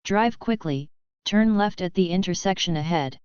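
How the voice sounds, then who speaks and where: A man's voice: high voice, normal speed, darkish tone, clean tone, no echo, lightly acted. A woman voicing a sly young man who teases and threatens with a smile, in a dull lo-fi audiobook recording. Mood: teasing. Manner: teasing, smiling threats.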